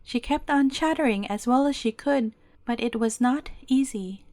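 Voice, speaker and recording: A woman's voice: fairly high pitch, normal speed, a little mellow, no echo. Woman reading a bedtime story.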